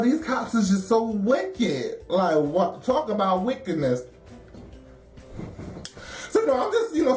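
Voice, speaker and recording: A woman telling a story in a casual, animated, wry way, laughing often. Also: fairly low pitch. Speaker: storyteller in a documentary. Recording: roomy echo with faint music.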